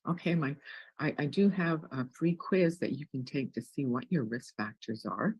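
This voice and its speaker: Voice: mid-range voice, lively intonation, moderate pace, a little mellow, breathy edge, dry recording, low-quality recording. A wellness guest in an interview, upbeat and jokey, often restarting words.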